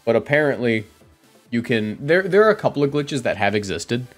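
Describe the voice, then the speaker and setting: Male streamer, mid-pitched, casual play-by-play of his own games, faint music behind. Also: big pitch swings, brisk. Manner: chatty, self-correcting, reacts out loud. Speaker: competitive game commentator. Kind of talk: casual gameplay commentary.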